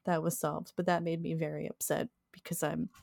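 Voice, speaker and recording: A woman's voice: sits low, level tone, fairly quick, gravelly, a little mellow, no echo. A young woman co-hosting a podcast, telling stories in a chatty way and laughing often. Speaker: podcast co-host. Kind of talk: casual chat.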